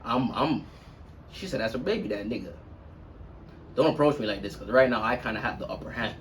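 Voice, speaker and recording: A man casually telling a long personal story on a podcast, acting out everyone in it with sudden loud, high-pitched bursts. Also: fairly quick, far from the mic, a little hiss or hum. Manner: animated, swings into loud high-pitched quotes of others.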